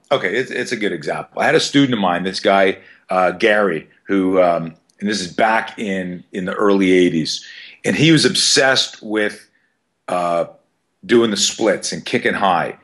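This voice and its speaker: A deep, fairly bright male voice belongs to a self-defense coach in his fifties appearing as a podcast guest. In this casual storytelling interview, he rambles and swears, filling his talk with fillers.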